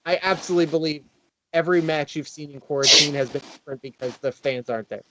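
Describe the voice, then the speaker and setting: Brief: male wrestler on a podcast panel, eager and rambling, a touch high, noisy line. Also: brisk. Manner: excited, rambling, many fillers and restarts. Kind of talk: casual roundtable chat.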